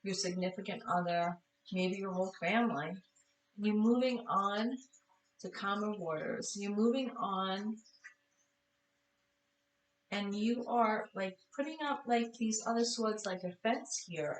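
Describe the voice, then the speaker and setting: A woman's voice: mid-range voice, measured pace, echoey room, recorded from a distance, slight background noise, rough recording. A woman giving a casual tarot reading, tired and chatty, apologizing and correcting herself as she goes. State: tired, yawning. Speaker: tarot reader.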